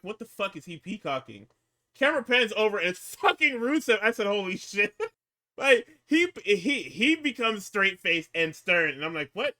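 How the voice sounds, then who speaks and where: A man co-hosting a casual, profane talk show, recapping wrestling and swinging between hyped outbursts and low muttering. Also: pushed and bright. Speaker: podcast co-host recapping wrestling.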